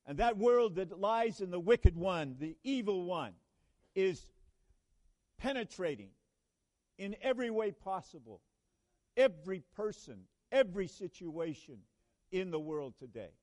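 A man with a fairly high voice preaches a sermon at a measured, unhurried pace. He speaks earnestly and halts to restart phrases. At times he builds to emphatic, ringing proclamations. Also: sing-song, darkish tone. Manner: slow, earnest, with halting restarts and sudden emphatic rises. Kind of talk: sermon at a church conference.

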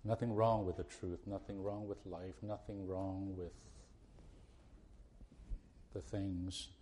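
A man's voice: low voice, flat delivery, takes it slowly, mellow, slight background noise. A man preaching a sermon to a congregation, earnest and pleading, often restarting his phrases before pressing a point hard. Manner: earnest, repetitive restarts, rising to emphatic pleas.

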